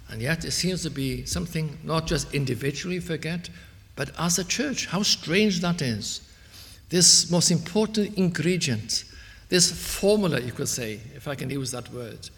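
Earnest preacher in a reverberant hall. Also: male voice, medium pitch, gravelly. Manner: earnest, rising to emphatic peaks then dropping soft. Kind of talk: sermon.

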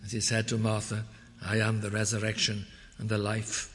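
A man preaching a measured expository sermon, quoting scripture in old English wording. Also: lowish voice, completely flat delivery, a bit bright, a little hiss or hum. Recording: long reverb of a church hall.

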